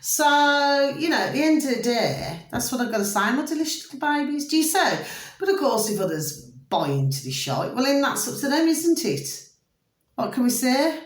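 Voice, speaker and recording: Woman in her fifties, rambling chat, pet names, loud then hushed, echoey room. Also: high-pitched, big pitch swings, moderate pace. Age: 50s. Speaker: vlogger. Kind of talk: casual chat.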